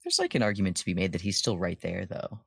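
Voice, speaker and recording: Male player: lively, husky, dry close mic, joking. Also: deep voice, quick pace, no room sound. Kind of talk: playing a tabletop game.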